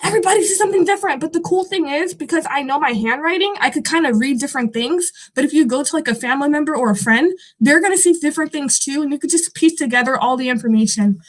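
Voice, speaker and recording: A woman's voice: high-pitched, quick pace, hardly any pauses. A young woman vlogger chatting casually and rambling, swearing often and sounding a bit skeptical. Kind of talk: casual chat.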